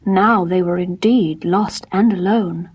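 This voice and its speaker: A woman storyteller reading a fairy tale aloud in gentle, measured, soft-spoken scripted narration. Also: fairly low pitch, steady tone, slightly rough.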